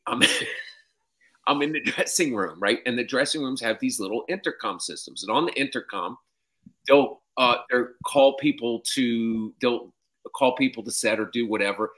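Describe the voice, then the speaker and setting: A man telling a comic story, profane and animated, lacing it with "I'm like" and "she's like". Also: medium pitch, normal speed. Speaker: comedian storyteller.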